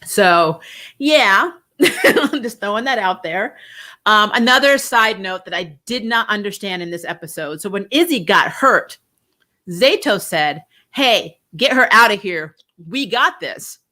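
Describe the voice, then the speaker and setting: Young woman ranting casually in a review, bright tone, laughs all the time, does little voices. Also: mid-range voice, unhurried. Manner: animated, laughs often, mimics voices. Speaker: show reviewer.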